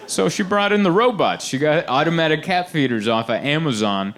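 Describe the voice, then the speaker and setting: A man doing a stand-up comedy set on stage, animated and laughing often as he acts out little scenes. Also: on the high side, brisk, hardly any pauses, a little hiss or hum. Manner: animated, laughing often, acting out quoted voices. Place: live comedy venue with audience.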